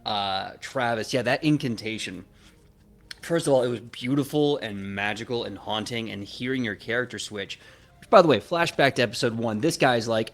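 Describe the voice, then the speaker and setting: A man's voice: medium pitch, normal speed. Enthusiastic man thanking his table. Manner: enthusiastic, frequent "uh" fillers. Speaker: player. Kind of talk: post-game wrap-up chat.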